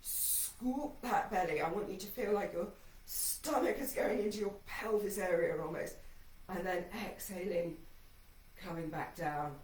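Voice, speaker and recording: A woman's voice: fairly low pitch, a little slow, a little mellow, far from the mic. Woman coaching a mat workout, echoey. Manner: encouraging cues paced to breathing, slightly breathless. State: shaky voice from exertion. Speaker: fitness instructor. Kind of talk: guided workout instruction.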